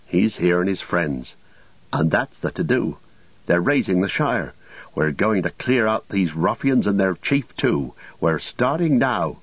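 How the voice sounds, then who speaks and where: Man reading as an earnest young hobbit lad, plain-spoken, husky voice, lo-fi sound. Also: low voice, animated, a little slow, no room sound. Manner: plain homely speech. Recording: dull lo-fi recording.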